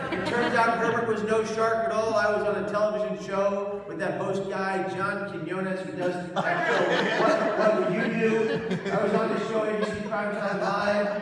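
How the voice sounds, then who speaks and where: Dramatic male speaker in a booming hall. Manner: dramatic, shifts from hushed to shouting for effect. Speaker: public speaker. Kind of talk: personal storytelling talk. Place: large event hall. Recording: echoey hall, mic far off, noisy.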